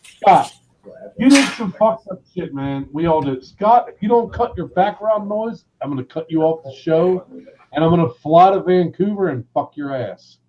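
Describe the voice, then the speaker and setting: Excitable, profane man ranting on a stream. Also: a little high, normal speed, lo-fi sound. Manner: loud, excitable, swears constantly, shouts names. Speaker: livestream host. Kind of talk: profane casual livestream rant.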